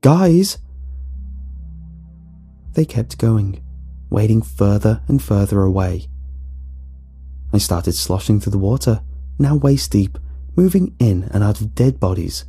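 Husky man narrating a horror story. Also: on the low side, a little slow, warm tone, faint music behind.

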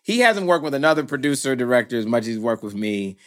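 A man's voice: mid-range voice, very animated, fast talker. A man who is a film producer, telling a story with energy and acting out the voices of the people in it. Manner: acts out voices in anecdotes, swings from hushed to exclaiming. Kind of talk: animated storytelling.

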